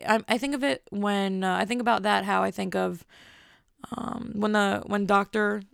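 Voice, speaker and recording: A woman's voice: mid-range voice, steady tone, normal speed, creaky, smooth, no room sound, clean studio sound. A woman in her twenties telling a rambling, self-deprecating story in a casual monologue. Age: 20s. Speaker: vlogger.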